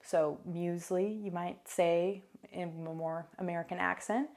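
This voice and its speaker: Young female vlogger, slightly low voice, loose chatty delivery with fillers. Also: fairly even intonation, moderate pace, darkish tone. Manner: chatty, many fillers and asides. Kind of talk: casual vlog talk. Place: new apartment.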